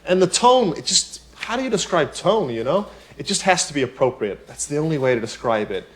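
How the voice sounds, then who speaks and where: A man teaching piano in a relaxed tutorial, talking chattily, with many "you know" asides and rhetorical questions. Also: on the high side, fairly quick, slight background noise. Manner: explains with everyday examples. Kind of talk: casual spoken tutorial.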